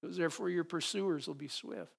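A man preaching a sermon and leading prayer, moving between quiet prayerful lines and animated, acted-out moments. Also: a little high, a little fast, vocal fry.

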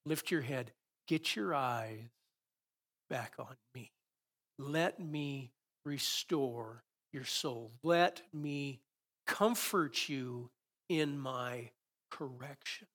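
A man's voice: medium pitch, extremely slow, a bit bright. A man preaching a sermon as pastor in a church sanctuary, full of rhetorical questions and rising passion.

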